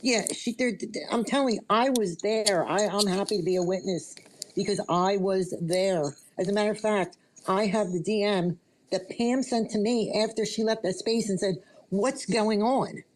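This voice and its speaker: A woman's voice: medium pitch, moderate pace, low-quality recording. A woman calling into an online chat, insistently recounting what she witnessed. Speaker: caller. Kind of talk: casual chat.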